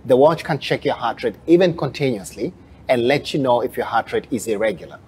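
A man calmly explaining smartwatch features as a product expert on a live show. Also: mid-range voice, a little fast, slight background noise. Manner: calm, explanatory, uses "uh" fillers.

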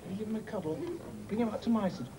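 A man's voice: high-pitched, very fast. A man presenting a children's TV show, coaxing and cheering children in a playful, cheerful way, in a noisy TV recording. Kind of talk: lively talk to children.

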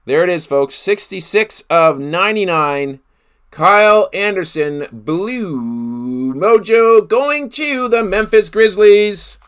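A man's voice: high-pitched, animated, unhurried, fairly bright tone, clean tone. A man hosting a live card break, calling out each player he pulls and exclaiming over the big hits. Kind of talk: live card-opening commentary.

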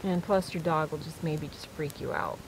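A woman chatting to camera while camping alone in the woods at night, telling lively stories in a casual, animated way. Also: low voice, normal speed, vocal fry, very noisy. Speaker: solo camping vlogger.

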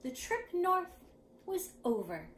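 A woman reading a picture book aloud to young children, dramatic and lively. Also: very high-pitched, slow, slight background noise. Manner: animated, dramatic. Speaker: children's storyteller.

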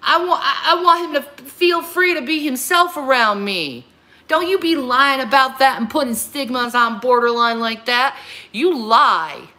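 A woman in her thirties rants on a livestream, talking back to her critics in a heated, confrontational way. Her voice sits a little high and comes out bright and forceful. She hammers her points by repeating the same phrases. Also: normal speed. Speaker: livestream host. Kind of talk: angry livestream rant answering critics.

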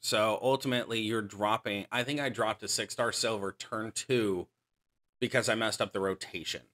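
Male gaming host, lowish voice with a bright, pushy tone, casual strategy commentary that corrects itself as it goes. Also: fairly even intonation, normal speed. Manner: explanatory, strategy-focused, self-correcting.

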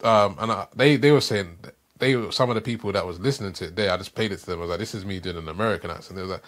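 A man's voice: lowish voice, very fast. A British man, a voiceover artist, chatting casually as a podcast guest with lots of agreeing yeahs. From Britain. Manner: relaxed, agreeable, lots of "yeah".

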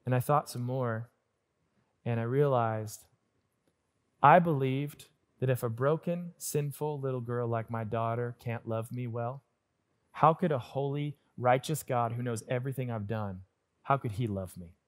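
A man pastor preaching a sermon in an earnest, personal storytelling way, swinging between lively stretches and hushed ones. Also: medium pitch, measured pace.

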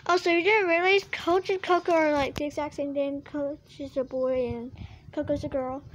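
A woman's voice: high-pitched, fairly even intonation, normal speed, slight background noise. A female vlogger chatting casually to camera about her toy collection, rambling with lots of fillers and restarts.

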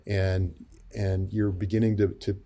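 Low, mellow male guest; gentle, reflective pastor type, halting delivery. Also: little pitch movement. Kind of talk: interview conversation.

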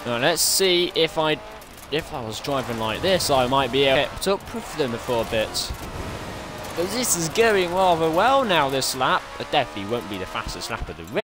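A man excitedly commentating his own racing game play, breaking into strings of repeated exclamations. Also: mid-range voice, moderate pace, noisy background. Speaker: gaming streamer. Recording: game music behind.

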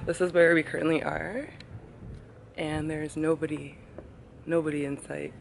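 A woman chatting casually to camera on a holiday trip, excitable and full of slang. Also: low-pitched, a little slow, creaky, background noise. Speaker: travel vlogger. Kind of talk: casual vlog chat to camera. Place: outdoors on a holiday island.

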